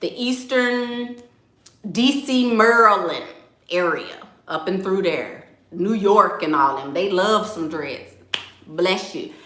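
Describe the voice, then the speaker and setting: Sassy, bright-voiced woman in an echoey room. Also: mid-range voice, takes it slowly. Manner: blunt, sassy and playful, with frequent laughs. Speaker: dating coach. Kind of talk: livestream advice talk, reading viewer comments.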